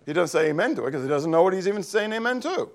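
A man's voice: high-pitched, sing-song, very fast. A man from Pennsylvania preaching a sermon in church as pastor, reading scripture and explaining Greek words, checking in with the congregation often. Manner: teaching, checks in with frequent "okay?".

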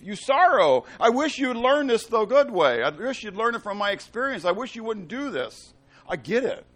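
A middle-aged man preaching a sermon, asking his congregation questions, swinging between loud emphasis and hushed tones. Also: high-pitched, sing-song, moderate pace. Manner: asks the congregation fill-in-the-blank questions. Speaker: pastor.

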